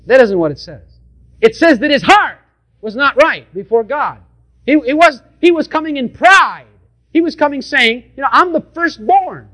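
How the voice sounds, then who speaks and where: A man's voice: very high voice, lively intonation, normal speed, sharp tone. A male preacher delivering an emphatic sermon and speaking directly to his congregation, often repeating his points.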